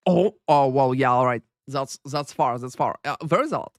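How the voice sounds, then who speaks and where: A man's voice: mid-range voice, moderate pace, no room sound, clean studio sound. A man hosting a game live stream, chatting loosely and profanely with viewers, full of fillers and greeting them by name. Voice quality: profane, rambling, filler-heavy. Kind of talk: casual live-stream chat. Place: Paris.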